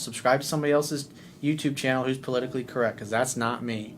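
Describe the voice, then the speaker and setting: A man talking as a life coach in a casual monologue, loud, blunt and full of swearing, smiling as he speaks. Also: medium pitch, fairly even intonation, fast, a little hiss or hum. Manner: blunt and profane.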